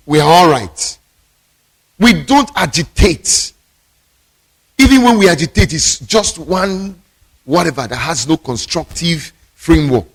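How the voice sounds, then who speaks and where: A male pastor, preaching emphatically and telling stories in a sermon. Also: on the high side.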